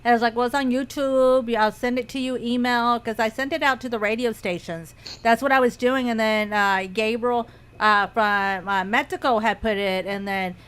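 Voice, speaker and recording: A woman's voice: fairly high pitch, steady tone, normal speed, fairly bright tone, clear, resonant tone. A woman chatting casually on a radio show, telling stories animatedly, quoting others and laughing often.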